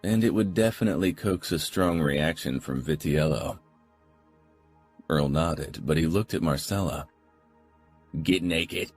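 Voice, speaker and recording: A male narrator reads a first-person audiobook in a steady, low-key manner. His voice is very deep and husky. Faint music sits under the narration. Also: moderate pace.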